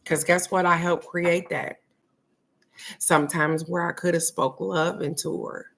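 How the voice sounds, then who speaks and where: A middle-aged woman speaks in a fairly low voice, talking bluntly and preaching her point. She swears freely in casual spoken advice. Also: level tone, unhurried, vocal fry, a bit bright. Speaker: host.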